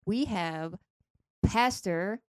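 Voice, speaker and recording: A woman's voice: mid-range voice, drawn-out words, no echo, clean studio sound. Giggly Southern woman hosting a podcast. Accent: Southern American. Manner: chatty, giggly, rambling. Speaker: podcast host. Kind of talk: casual chat.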